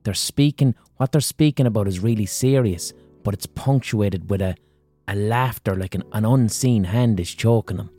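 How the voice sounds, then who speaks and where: An Irish man rambles through a profane comic monologue as a podcast host. His voice is low and mellow, with a relaxed warmth to it. He builds jokes with loose asides and blunt swearing. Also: moderate pace, faint music behind.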